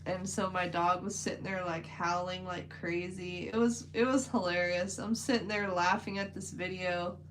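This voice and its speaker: A woman's voice: on the low side, fairly even intonation, moderate pace, hardly any pauses, slight background noise, poor audio. A woman chatting casually on a livestream while she paints, rambling with lots of "like" fillers. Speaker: livestream host.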